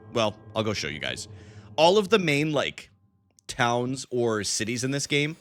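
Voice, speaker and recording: A man's voice: lowish voice, sharp tone. A young man casually commenting on a game he is live-streaming, greeting viewers in chat by name and using lots of fillers.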